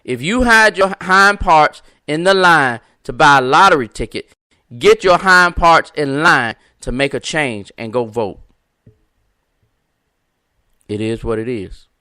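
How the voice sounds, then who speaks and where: A man's voice: on the high side, animated, measured pace, pushed and bright, no echo, clean studio sound. A man hosting a live internet show, talking to listeners in an emphatic, repetitive, preacher-like cadence and greeting viewers by name. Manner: talks to viewers and callers by name. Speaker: podcast host. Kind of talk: live-stream preaching talk.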